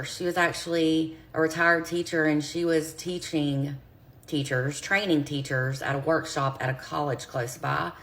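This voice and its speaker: Woman, low voice, earnest storyteller talking straight to her followers on a phone video. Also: fairly bright tone. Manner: earnest, direct, speaks straight to viewers. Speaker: true crime creator. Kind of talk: personal storytelling to camera.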